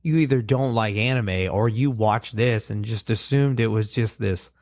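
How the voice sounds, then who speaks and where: A man co-hosting a casual podcast, chatting in a relaxed way and reading out the show's plugs. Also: fairly low pitch, moderate pace, no room sound, studio quality. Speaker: podcast co-host. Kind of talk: casual chat.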